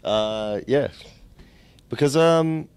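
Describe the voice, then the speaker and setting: A man's voice: medium pitch, extremely slow, a little mellow, clear, resonant tone, no room sound. An Australian man in a band, answering interview questions with dry, rambling jokes. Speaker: band member. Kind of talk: casual interview.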